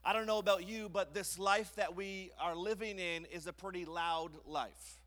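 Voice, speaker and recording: A young man preaching a sermon in a church, telling lively family stories between scripture points. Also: sits high, normal speed. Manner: lively storytelling with kid impressions. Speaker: pastor. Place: church sanctuary. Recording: church hall reverb.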